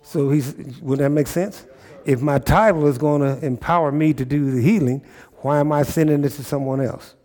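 A man's voice: fairly high pitch, fairly even intonation, normal speed, few pauses, darkish tone. A pastor preaching a sermon, emphatic, repeating phrases and checking in with his listeners.

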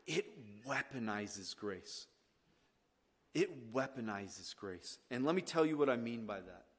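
A man preaching a sermon as pastor, swinging from hushed lines to loud, emphatic ones. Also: medium pitch, big pitch swings, slow, husky. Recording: long reverb of a church hall.

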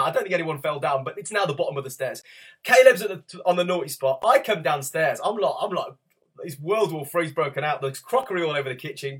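Husky preacher in spoken-word rhythm. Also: male voice, a little high, fairly bright tone. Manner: storytelling, rhythmic rhyming delivery. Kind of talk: sermon with spoken-word poetry.

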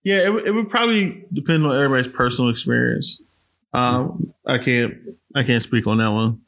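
Man, casual chat, loud and passionate, mid-pitched voice. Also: a little fast, gravelly. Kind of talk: casual conversation.

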